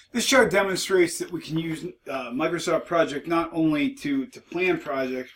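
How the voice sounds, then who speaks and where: A man's voice: fairly high pitch, a bit bright, distant mic, low-quality recording. A male instructor giving a recorded lecture, conversational and mildly sarcastic, with frequent restarts.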